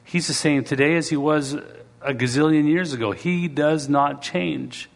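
A man preaching a sermon in a conversational way, now and then acting out quoted voices and reading scripture slowly. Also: fairly high pitch, vocal fry. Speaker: pastor.

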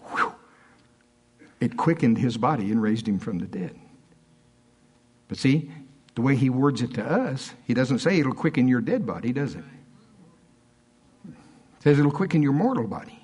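A man with a husky, slightly rough voice preaches a sermon. He tells stories and jumps up high in pitch to act out other people's words, then drops low and soft for asides. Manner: storytelling preacher, swings between high animated quotes and low asides. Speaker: pastor.

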